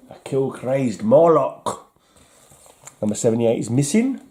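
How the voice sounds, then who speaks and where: A man's voice: mid-range voice, sing-song, measured pace, mellow. An English man in casual vlog talk, wryly chuckling and mocking himself as he sorts through his comics. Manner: wry, chuckling, self-mocking. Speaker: comic collector vlogger.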